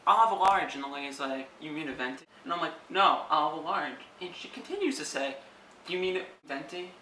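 A man's voice: on the high side, animated, fairly quick, pushed and bright. A man playing a bossy, whiny studio boss. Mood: dramatic. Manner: whiny, dramatic, impatient. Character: bossy, self-absorbed male movie studio boss. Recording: echoey room, distant from mic, faint background noise.

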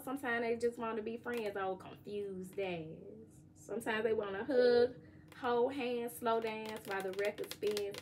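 A woman reads tarot cards in a relaxed, chatty way and speaks. Her voice sits in a middle pitch. A faint background hum runs under the recording. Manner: chatty, joking, sings lyric snippets softly. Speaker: tarot reader. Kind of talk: casual tarot reading.

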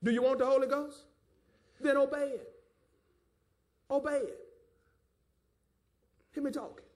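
A man with a Southern American accent preaches in a strikingly high voice. His sermon runs fiery, rising into shouts and drawing call-and-response. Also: unhurried. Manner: Southern preacher cadence with calls of "my God" and "do you understand". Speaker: pastor.

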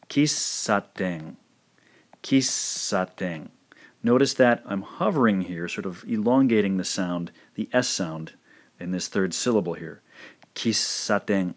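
Slow, careful man teaching a lesson. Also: sits low. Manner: slow, careful, repeats pronunciations. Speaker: language teacher. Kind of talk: recorded lesson narration.

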